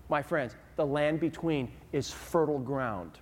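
A man delivers a sermon in an animated, conversational way, tossing questions out to the congregation. His voice sits high for a man. A long reverb from the church sanctuary trails behind every phrase. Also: a little slow. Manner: animated storytelling, asks the audience questions. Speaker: pastor. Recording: long reverb of a large hall.

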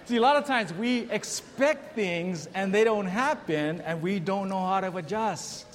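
A male pastor delivers a sermon in a somewhat high voice, speaking to his congregation and pausing to ask them questions. His words ring out with a long reverb, as if he were in a large church sanctuary. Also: noisy background. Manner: preachy, asks the congregation questions, reads scripture aloud; tells jokes in raised voices for the characters.

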